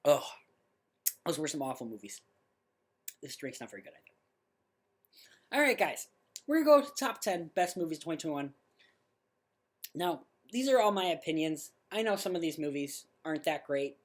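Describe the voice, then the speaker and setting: A man's voice: on the high side, sing-song, normal speed, long pauses. A man hosting a movie podcast in casual chat, blunt and opinionated, who often stumbles over his words and corrects himself. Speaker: podcast host.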